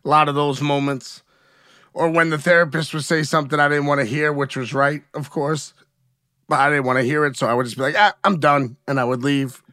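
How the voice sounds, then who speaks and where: Frank, emotional man with a higher voice. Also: level tone, fairly quick, bright, forceful tone, smooth, no echo, clean studio sound. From United States. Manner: emotional and frank, with many "you know what I mean"s. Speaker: guest. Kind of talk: candid conversational interview.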